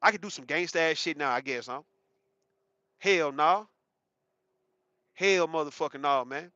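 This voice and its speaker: High-voiced, bright, animated man ranting. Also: measured pace, dry recording. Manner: rambling, profane, emphatic, repeats himself. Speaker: commentary channel host. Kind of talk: casual commentary monologue. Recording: dull, muffled sound.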